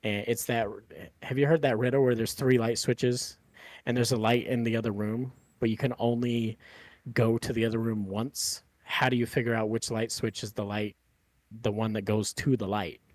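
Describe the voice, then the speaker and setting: A man in casual podcast mode, rambling through stories with constant fillers and offhand swearing. His voice sits at an ordinary middle pitch. The sound is dry and close, with no room around it. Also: little pitch movement, normal speed, darkish tone, no room sound. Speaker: podcast host.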